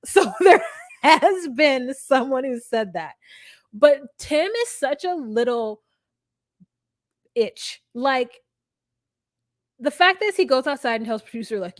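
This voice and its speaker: A woman's voice: on the high side, expressive, takes it slowly, no room sound, studio quality. A young woman co-hosting a podcast, recapping casually, laughing often and mimicking people she quotes. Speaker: podcast co-host. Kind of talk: casual reality-TV recap chat.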